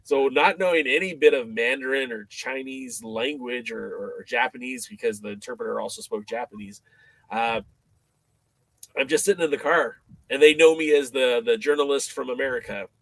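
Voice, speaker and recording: A man as a podcast guest, telling a story in a casual, animated way, with many fillers and restarts. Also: medium pitch, moderate pace, no room sound.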